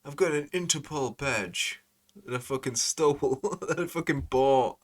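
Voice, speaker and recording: A man voicing a brash, bragging middle-aged man in a mocking, loud way. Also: medium pitch, a little slow, pitched above the performer's own voice, close to an everyday voice. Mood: mocking boast.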